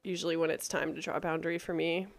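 A woman's voice: low voice, steady tone, quick pace, creaky. A woman co-hosting a podcast, reflective and candid in casual chat. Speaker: podcast co-host.

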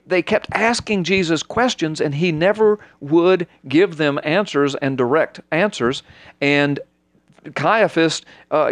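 A preacher explaining scripture in a conversational, sermon-like way, acting out quotes with big jumps in his voice. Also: no room sound. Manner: animated, acts out quotes with big pitch jumps.

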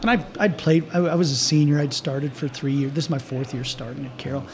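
An older man with a fairly high voice tells a story in a loose, rambling way. He restarts his sentences often and laughs lightly as he talks. His tone is casual and friendly. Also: fairly even intonation, fast talker, a little mellow, a little hiss or hum. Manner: rambling, with frequent restarts and chuckles. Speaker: guest, team doctor.

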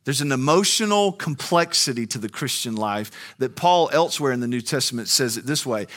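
A man's voice: medium pitch, animated, fairly quick, few pauses, fairly bright tone. A man preaching a sermon, moving from a conversational tone to fiery, soaring emphasis. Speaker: pastor.

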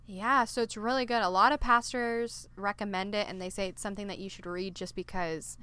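A woman's voice: mid-range voice, steady tone, a little fast, bright, forceful tone, smooth. A woman in casual chat, upbeat and agreeable, backing the other speaker with frequent yeahs. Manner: upbeat, agreeable, lots of "yeah" and "right".

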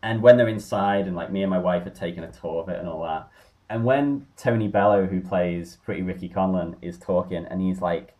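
A man in casual conversation, telling stories with enthusiasm and animated energy. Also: low voice, brisk. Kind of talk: casual film chat.

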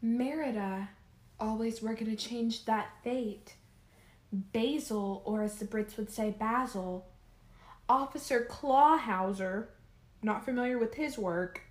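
A young woman chats with a co-host in a playful, joking way. Her voice sits a little high, and the recording carries a roomy echo. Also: measured pace. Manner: playful, jokey. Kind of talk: casual chat.

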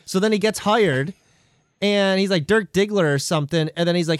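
A young man telling a crude, rambling story in casual comedic chat, tossing in quick quoted voices. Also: high voice, clear, resonant tone, no room sound, studio quality.

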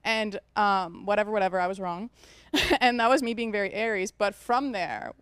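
A woman, a podcast guest, telling a story in casual chat, animated and quick to laugh. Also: medium pitch, clear, resonant tone, no echo.

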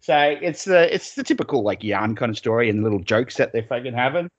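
A man's voice: medium pitch, animated, fast talker, highs cut off. An Australian man co-hosting a podcast, rambling through stories with lots of swearing and laughter. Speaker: podcast co-host. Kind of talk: casual chat.

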